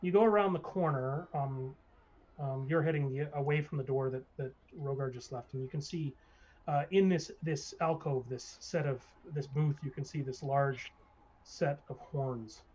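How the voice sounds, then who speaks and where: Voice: mid-range voice, moderate pace, a little mellow. Game master narrating a streamed d&d game, lots of ums, slightly muffled audio. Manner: hesitant, many ums and restarts.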